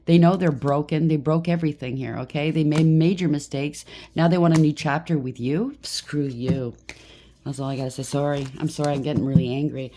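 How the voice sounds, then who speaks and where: A woman's voice: deep voice, fairly even intonation, fairly quick, warm tone, slight background noise. A woman giving a tarot reading in a blunt, heated way, often checking in with "okay?". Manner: blunt, heated, talks to the listener with frequent "okay?". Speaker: tarot reader.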